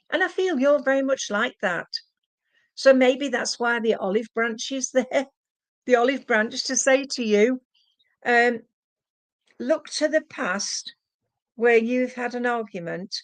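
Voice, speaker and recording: This is a woman reading cards live for her viewers. She speaks in an unhurried way, in a slightly raised voice. She keeps calling them sweetheart as she passes on what the spirits tell her. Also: on the high side. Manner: addresses viewers as sweetheart, relays spirit messages. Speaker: psychic medium. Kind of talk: live-streamed card reading.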